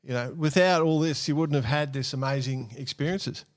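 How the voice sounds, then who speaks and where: A man hosting a podcast, chatty and quick to joke with his guest. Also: medium pitch. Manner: chatty, joking banter. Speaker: podcast host. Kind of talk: casual podcast chat.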